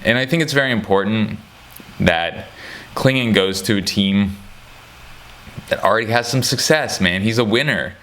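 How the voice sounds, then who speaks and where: A man talks through basketball prospects in a relaxed, off-the-cuff way. His voice sits low, and he jokes, trails off and restarts his thoughts, filling gaps with ums and uhs. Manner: rambling, joking, many fillers and restarts. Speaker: sports commentator. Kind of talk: casual chat.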